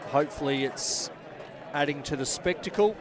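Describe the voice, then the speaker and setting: A man's voice: fairly high pitch, noisy background. Male rugby commentator calling play by play. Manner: rapid play-by-play, bursts of excitement, chatty asides to viewers. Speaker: match commentator. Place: outdoors at a rugby ground. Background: crowd at a local rugby match.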